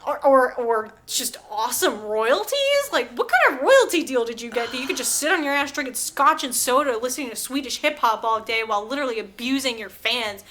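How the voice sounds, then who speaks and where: A woman's voice: fairly high pitch, expressive, a little fast, hardly any pauses, fairly bright tone. A woman co-hosting a podcast, recapping a film in casual chat with lots of fillers and profanity. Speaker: podcast co-host.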